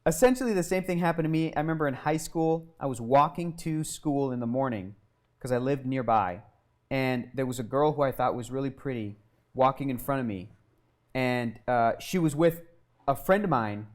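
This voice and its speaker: A man telling a long childhood story as an interview guest, animated and swearing often, acting out what people said. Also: medium pitch, normal speed. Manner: animated and profane, acting out quotes.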